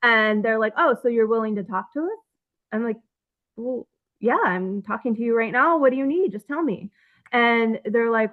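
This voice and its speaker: Woman retelling events over phone-line audio. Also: a little high. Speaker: interview guest. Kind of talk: telling her own story in a podcast interview.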